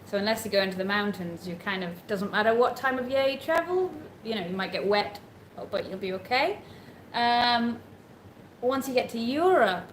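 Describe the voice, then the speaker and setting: A woman's voice: mid-range voice, a little hiss or hum. Woman chatting easy on a travel livestream, room echo. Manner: relaxed, explaining plans. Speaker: travel vlogger on a live stream. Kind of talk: casual live chat.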